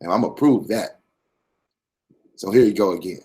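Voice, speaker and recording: A man's voice: low voice, normal speed, a little mellow. A man hosting his own channel, giving a blunt, profane, streetwise commentary monologue with a preachy swagger.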